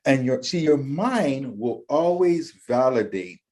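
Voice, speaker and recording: A man telling his story in an interview, talking in an animated motivational way and acting out the voices of people he quotes. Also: medium pitch, slow. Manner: acts out quoted voices, lively and emphatic. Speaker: interview guest, empowerment coach.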